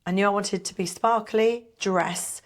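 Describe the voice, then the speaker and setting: A middle-aged woman and pantomime performer chatting in an interview, telling lively stories and acting out what people said. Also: medium pitch, a little slow. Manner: chatty, animated storyteller who acts out quotes. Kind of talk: casual interview chat.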